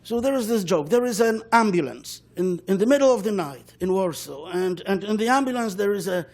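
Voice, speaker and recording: A man, a law professor on a panel, giving an academic talk in a measured way, often repeating words as he searches for phrasing. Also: sits high, expressive, darkish tone.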